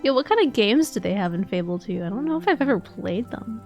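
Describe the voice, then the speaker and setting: A woman's voice: mid-range voice, big pitch swings, quick pace, a little mellow, soft background music. A woman streaming a game, chatting playfully and rambling as she plays. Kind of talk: casual gameplay chat.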